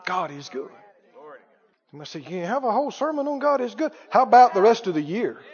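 A man preaching a sermon, exuberant, shouting praise and stretching words out for emphasis. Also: sits high, sing-song, brisk, dull audio, crowd noise. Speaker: pastor. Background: congregation.

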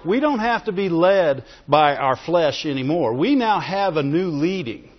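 A fairly high-pitched man with lively intonation keeps a measured pace while preaching like he's having a conversation, laughing frequently and prompting amens. The pastor is heard on a dull, lo-fi recording that echoes around a hall.

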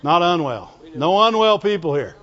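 A man's voice: a little high, sing-song, moderate pace, a bit bright. A man preaching a fervent sermon, repeating phrases and calling out to his congregation. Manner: fervent, repetitive call-and-response preaching. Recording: dull lo-fi sound with long hall reverb.

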